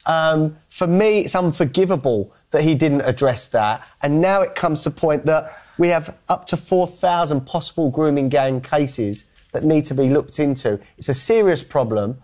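A man's voice: fairly high pitch, moderate pace, hardly any pauses, a little mellow. A man with a slightly raised voice speaks bluntly and earnestly as co-host of a political talk show. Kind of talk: political chat.

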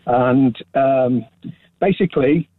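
A man's voice: medium pitch, slow, no echo. A man calling in to a radio phone-in who hesitates with fillers but states his opinions firmly. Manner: hesitant with many ums, then firm opinions. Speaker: caller. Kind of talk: phone-in call. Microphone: telephone. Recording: tinny phone line.

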